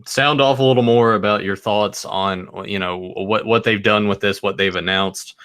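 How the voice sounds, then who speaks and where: A man hosting a casual podcast, friendly and encouraging, with some halting restarts. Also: lowish voice, steady tone, a bit bright, smooth. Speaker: podcast host. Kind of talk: casual chat on a live video podcast.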